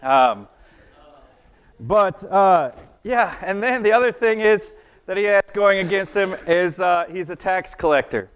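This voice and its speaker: A man's voice: high-pitched, expressive, measured pace, a bit bright, clean tone. A man giving a casual children's sermon, chatty and playful, often asking the kids questions and laughing at his own jokes. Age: adult. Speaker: children's church teacher. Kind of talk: children's sermon with object lesson.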